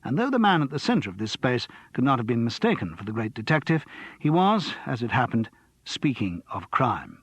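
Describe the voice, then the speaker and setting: Husky, lively male audiobook narrator. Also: medium pitch, normal speed, dry recording, dull audio. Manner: expressive, lively storytelling. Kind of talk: scripted narration.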